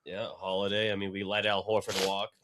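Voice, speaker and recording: A man's voice: on the low side, monotone, a little fast, fairly bright tone, a little hiss or hum. A man, co-hosting a casual sports podcast, rambling and swearing freely. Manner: profane, rambling, laughs a lot. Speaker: podcast co-host.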